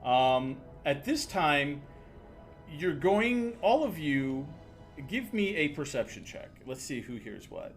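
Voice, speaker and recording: A man narrating as dungeon master in a casual tabletop game, halting with fillers and often laughing. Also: on the high side, very animated, faint music behind.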